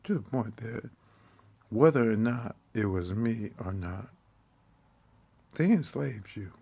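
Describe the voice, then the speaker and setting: A man delivering a profane, confrontational monologue in streetwise slang. He swings between hushed muttering and sudden loud outbursts. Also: on the low side, lively intonation, slow, gravelly, slightly rough. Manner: streetwise slang, heavy swearing.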